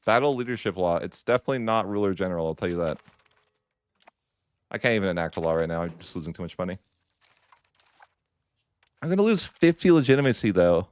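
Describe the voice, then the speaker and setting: A man's voice: deep voice, big pitch swings, quick pace, long pauses, clear, resonant tone. A man giving casual commentary over a strategy game, wry and mock-dramatic as he grumbles about his bad luck. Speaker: gaming YouTuber.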